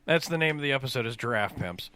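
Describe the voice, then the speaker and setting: A man hosting a crude, casual podcast, throwing in quick jokes and laughing often. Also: medium pitch, animated, sharp tone.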